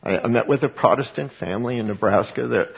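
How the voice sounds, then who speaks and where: A man's voice: medium pitch, fast, gravelly, husky, muffled recording. A man teaching the Bible as a sermon, who talks emphatically and asks and answers his own questions. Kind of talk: preaching Bible study.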